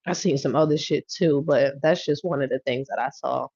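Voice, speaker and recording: A woman's voice: rumbling low, moderate pace, gravelly, darkish tone, husky, dry recording. Laughing, teasing woman reading tarot live. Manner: laughing, drawling, teasing, repeating phrases. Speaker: livestream tarot reader. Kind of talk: casual livestream chat. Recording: dry, dull lo-fi sound.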